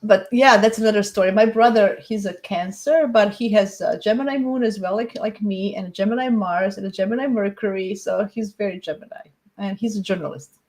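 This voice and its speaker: A woman's voice: medium pitch, fairly quick, a little mellow. Chatty woman hosting an astrology live. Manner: chatty, encouraging, laughs often. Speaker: astrology show host. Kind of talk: casual live-stream chat.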